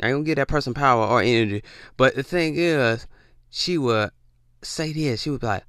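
Preachy, animated man with a bright, dry voice. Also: mid-range voice, a little fast, smooth, no room sound. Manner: preachy and animated, drawls, repeats himself, puts on voices. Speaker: podcast host. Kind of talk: casual spiritual monologue.

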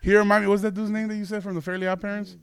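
A man's voice: high voice, flat delivery, rapid-fire, vocal fry, a crowd in the background. A young man hosting a podcast, telling a loose, profane story with lots of laughing. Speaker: podcast host and comedian. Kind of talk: casual storytelling chat.

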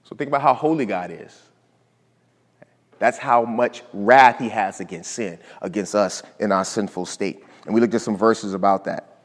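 A male pastor delivering a sermon, swinging between emphatic loud phrases and quiet asides. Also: on the low side, moderate pace. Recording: long reverb of a hall.

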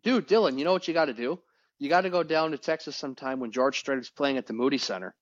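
A man co-hosting a casual podcast chat, excitable and rambling, often restarting his words. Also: medium pitch, fast, no echo. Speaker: podcast co-host. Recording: dull, dry, lo-fi podcast audio.

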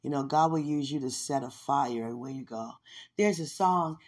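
Speaking at a normal speed in a very deep, darkish voice, a woman hosting a podcast shares her faith in a devotional personal talk. She is fervent and emotional, and laughs frequently.

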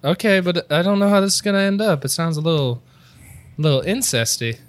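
A man's voice: sits high, animated, fairly quick, no echo. A man voicing a timid grieving mother in an improvised comedy scene, meek and hesitant.

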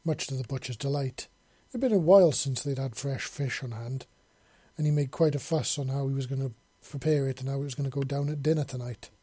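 A man reading a science-fiction story aloud as narrator, in an even, unhurried way. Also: medium pitch, breathy edge, dry recording. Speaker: audiobook narrator.

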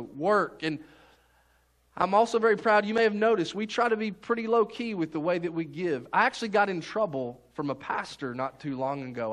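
A man's voice: high voice, a bit bright. A man preaching a sermon as pastor, in a folksy, conversational way with many restarts.

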